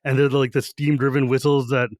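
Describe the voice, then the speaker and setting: A man co-hosting a podcast, talking casually about a fantasy novel and acting out its quotes with animated energy. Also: mid-range voice, brisk, no room sound, clean studio sound. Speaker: podcast co-host. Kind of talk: casual book discussion.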